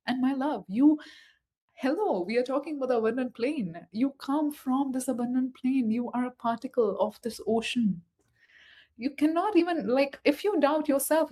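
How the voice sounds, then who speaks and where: A woman's voice: on the high side, darkish tone. A woman giving a motivational spiritual talk, speaking emphatically and repeating key phrases straight to the listener. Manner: emphatic, repetitive, addresses listener directly.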